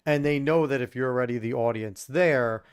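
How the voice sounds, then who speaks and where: A male co-host with a mid-range voice makes his case with steady emphasis. He talks in casual commentary, building his argument point by point. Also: mid-range voice, normal speed, clean tone. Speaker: podcast co-host.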